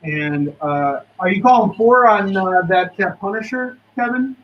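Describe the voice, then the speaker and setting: A man hosting a live comic sale, his fairly high voice running quick sales patter. He sounds a bit away from the mic, and the stream audio is dull and lo-fi with faint noise behind. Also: recorded from a distance. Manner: hyped, hustling salesman patter.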